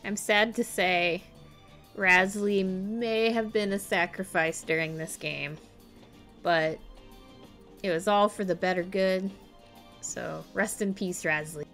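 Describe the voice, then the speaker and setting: A woman's voice: mid-range voice, steady tone, takes it slowly, long pauses, fairly bright tone, faint music behind. A woman giving chatty, self-mocking commentary while playing a game. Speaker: game streamer. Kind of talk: casual gameplay commentary.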